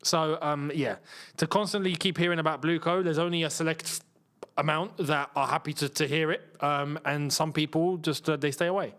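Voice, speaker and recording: A young man hosting a live football watchalong, chatting casually and shouting at near misses. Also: a little high, moderate pace. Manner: excitable, shouts at chances, chatty slang. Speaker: football channel host. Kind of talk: live match watchalong commentary.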